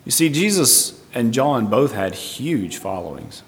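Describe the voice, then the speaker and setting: A male preacher works through scripture verse by verse, thinking aloud and sometimes admitting uncertainty. His voice sits at an ordinary middle pitch. A long reverb trails each phrase, as in a large hall. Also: big pitch swings, unhurried. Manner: thoughtful, tentative, explaining verse by verse. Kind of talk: Bible teaching sermon.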